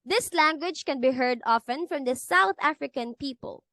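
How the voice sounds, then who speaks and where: A woman's voice: high-pitched, normal speed, bright, forceful tone, no echo. A woman reading a class lecture presentation from a script, stumbling now and then and restarting her sentences. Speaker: student presenter.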